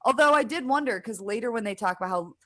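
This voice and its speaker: A woman co-hosting a podcast, giving blunt, lively opinions in casual chat. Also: a little high, fast. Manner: lively and blunt, mild swearing. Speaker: podcast co-host. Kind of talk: casual chat recapping an episode.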